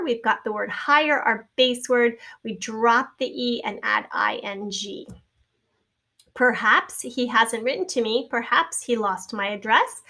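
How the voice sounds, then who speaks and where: A middle-aged woman teaching a recorded spelling lesson, patiently spelling out letters and sounds and trailing off into soft asides. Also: a little high.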